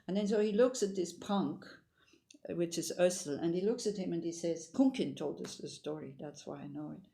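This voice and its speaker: Gravelly-voiced woman meditation teacher. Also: fairly low pitch, brisk, warm tone. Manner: informal, meandering, with frequent restarts. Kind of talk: dharma talk with storytelling.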